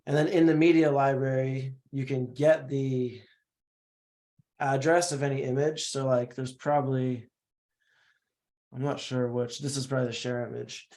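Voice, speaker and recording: A man's voice: mid-range voice, level tone, darkish tone. A man talks through a screen-share tutorial on a video call. His delivery is casual and explanatory, with the odd halt and restart as he goes step by step. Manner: casual, explanatory, a bit halting. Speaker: no-code platform expert demonstrating.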